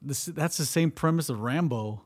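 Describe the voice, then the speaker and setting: A man's voice: a little high, normal speed, slightly rough. A man in casual podcast chat, telling stories with jokes and laughs. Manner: laughing, joking storyteller.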